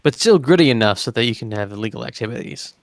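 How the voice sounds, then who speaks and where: A man's voice: mid-range voice, lively intonation, fast talker, dry recording. Casual man narrating as game master. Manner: casual, rambling, lots of fillers.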